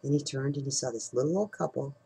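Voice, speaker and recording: A husky-voiced middle-aged man talks at a relaxed, conversational pace. He tells a story to his team in a rambling, loose way, stopping and restarting his sentences. His voice sits at an ordinary pitch with a slightly rough, breathy edge. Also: quick pace, rough recording. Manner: rambling, with many restarts and fillers. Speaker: team leader hosting a call. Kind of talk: casual storytelling talk.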